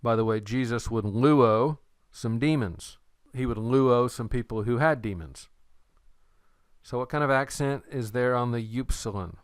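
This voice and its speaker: A man lectures in a slow, unhurried way, his voice smooth and resonant. He explains patiently and slips in playful memory tricks, recorded close and dry with no room sound. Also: medium pitch, no echo. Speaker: Greek teacher.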